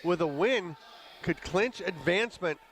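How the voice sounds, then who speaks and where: A man calling a live lacrosse game play by play, brisk and conversational, with the odd chuckle. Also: high voice, animated, a bit bright. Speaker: play-by-play commentator. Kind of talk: live sports commentary.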